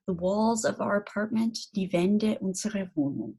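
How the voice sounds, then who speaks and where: A woman lecturing on German grammar, saying German example phrases slowly and then giving them in English, with frequent ums. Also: medium pitch, darkish tone, slightly rough. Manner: slow, deliberate explanations with frequent fillers. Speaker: German language instructor.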